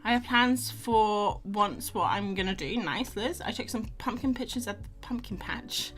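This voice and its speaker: A woman's voice: mid-range voice, normal speed, fairly bright tone. Young woman, chatty livestream host, rambling casual talk, faint music behind. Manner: chatty, rambling, greets viewers by name. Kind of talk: casual chat while drawing.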